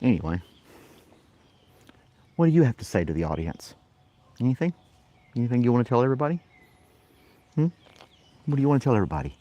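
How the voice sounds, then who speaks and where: A man's voice: very animated, fast, long pauses. A man hosting a casual morning live stream, talking playfully to his dog and catching his breath between bursts of play. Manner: playful baby-talk to his dog, high and loud. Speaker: host.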